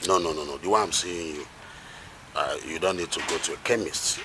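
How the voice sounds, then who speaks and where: A deep-voiced insistent neighbor. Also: male voice, normal speed. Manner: insistent, concerned. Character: kind neighbor, insistent helper. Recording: street noise, passing vehicles.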